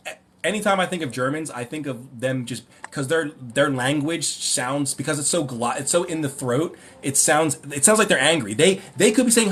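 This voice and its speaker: A man hosting a livestream Q&A, ranting and mocking in an animated way, often rambling and correcting himself. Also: mid-range voice, brisk. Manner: animated, mocking, breaks into laughter. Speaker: livestream host.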